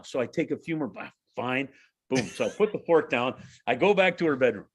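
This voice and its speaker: A man in his forties chats on a podcast as a guest broadcaster. His pitch swings widely as he tells a story in an animated way, stumbling over restarts while his voice stays in a middle register. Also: a little fast. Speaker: pro hockey radio broadcaster, podcast guest. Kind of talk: casual podcast chat, anecdote telling.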